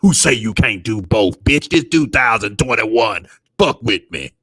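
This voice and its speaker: A man's voice: lowish voice, animated, unhurried, a bit bright, breathy edge, dry recording, studio quality, heavily acted. A man putting on a brash, boastful trash-talker with a crude, taunting swagger.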